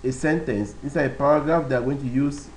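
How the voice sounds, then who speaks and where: A man's voice: medium pitch, fairly even intonation, a little hiss or hum, low-quality recording. A man teaching web page basics in a screen-recorded tutorial, explaining step by step with many fillers and repeated phrases. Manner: slow, step-by-step, with frequent fillers and repetitions.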